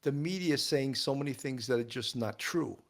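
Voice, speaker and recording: Gravelly New York man telling stories. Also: medium pitch, fairly quick. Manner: storytelling, blunt, laughs easily. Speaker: retired homicide detective guest. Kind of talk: casual podcast chat.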